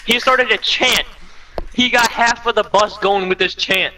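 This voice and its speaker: Bright-voiced young man telling a story. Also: high voice, unhurried. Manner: animated, laughing, mimics voices in anecdotes. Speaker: streamer. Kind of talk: casual storytelling while gaming. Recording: distant mic with faint noise.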